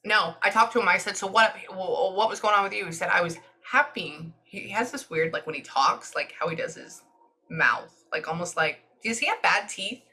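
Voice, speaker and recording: Texan woman doing a reading, bright clear voice, talks quick and excited. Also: mid-range voice. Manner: animated, quick, chatty, often breaks off to listen. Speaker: medium giving a reading. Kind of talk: casual spoken reading session.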